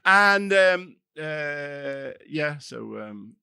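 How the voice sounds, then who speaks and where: A man's voice: a little high, big pitch swings, drawn-out words, gravelly, sharp tone, clean tone, no room sound, clean studio sound. An older man hosting a live comedy podcast, telling sardonic, sweary, rambling anecdotes. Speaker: podcast host. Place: comedy venue stage before a live audience.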